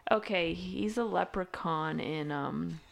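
A woman's voice: fairly low pitch, slow pace, vocal fry, background noise. A woman talking casually and hesitantly, often correcting herself. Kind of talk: casual chat.

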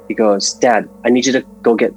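A man in his forties, a guest painter from Massachusetts, chatting casually on a podcast and telling stories in an animated way. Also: mid-range voice, a little fast, husky, rough recording. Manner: animated storyteller, restarts and fillers.

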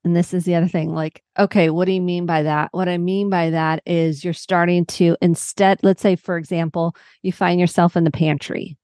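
A woman's voice: on the low side, level tone, normal speed, hardly any pauses, darkish tone, no echo, studio quality. A middle-aged woman psychotherapist explaining coping steps as a podcast guest, walking through everyday examples. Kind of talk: podcast interview.

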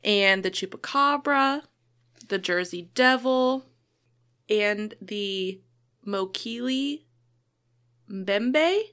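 A woman co-hosting a podcast in casual chat, relaxed and chatty, with many fillers. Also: mid-range voice, extremely slow, long pauses, clear, resonant tone. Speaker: podcast co-host.

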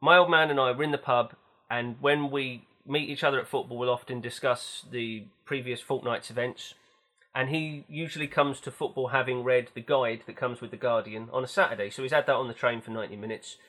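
A man's voice: medium pitch, steady tone, a little fast, fairly bright tone. Chatty man telling stories. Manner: chatty, storytelling with wry swearing. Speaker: podcast co-host. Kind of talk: casual film chat.

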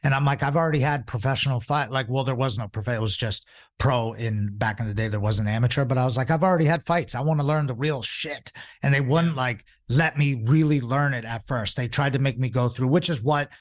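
A man's voice: mid-range voice, fairly quick. A man in his forties, a jiu-jitsu instructor, telling stories in a casual, rambling way, with lots of fillers and restarts. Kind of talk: casual storytelling.

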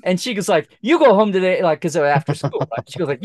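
Animated middle-aged man telling a story. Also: high voice, fast talker, no echo, studio quality. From Oklahoma. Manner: animated, acts out quoted voices, many restarts. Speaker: podcast guest. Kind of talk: casual storytelling chat.

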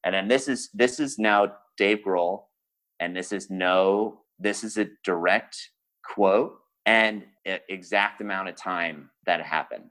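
A man with a fairly low voice tells a story as a podcast guest. He is animated and self-deprecating, stumbling and restarting as he builds to the punchline. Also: measured pace, low-quality recording. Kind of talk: casual storytelling.

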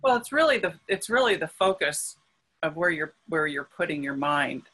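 A woman guest speaks with a bright, crisp voice. She explains her spiritual practice earnestly and gently. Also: deep voice, big pitch swings, normal speed, rough recording. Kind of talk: conversational interview.

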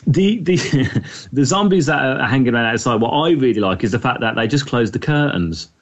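A man's voice: medium pitch, animated, fairly quick, highs cut off. An Englishman hosting a casual podcast about films, chatty, laughing often and repeating words as he goes. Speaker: podcast host. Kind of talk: casual film discussion.

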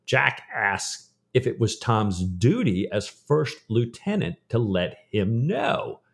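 A man's voice: mid-range voice, sing-song, slow pace, vocal fry. A man co-hosting a podcast who retells a book's plot casually, with a lot of fillers. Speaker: podcast co-host. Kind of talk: casual book discussion.

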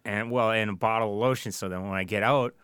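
A man's voice: fairly low pitch, fairly even intonation, quick pace, fairly bright tone, smooth, no room sound. Profane ranting man, dry close sound. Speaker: podcast co-host. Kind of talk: casual chat.

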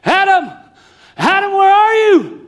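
A man preaching voices God as a loving father who calls loudly and pleadingly after his lost children. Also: extremely high pitch, very animated, slow pace, pitched above the performer's own voice, full character voice. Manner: pleading, loud calling out.

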